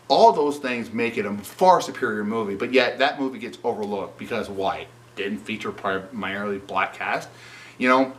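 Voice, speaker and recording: A man's voice: fairly low pitch, a bit bright, recorded from a distance. A man giving an opinionated spoken movie review, sarcastic and indignant, often saying "you know". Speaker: film reviewer.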